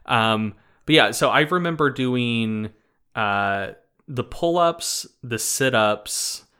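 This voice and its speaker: A man co-hosting a podcast, chatting casually in an animated, rambling way with many fillers. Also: medium pitch, slow pace, smooth. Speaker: podcast co-host. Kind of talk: casual chat.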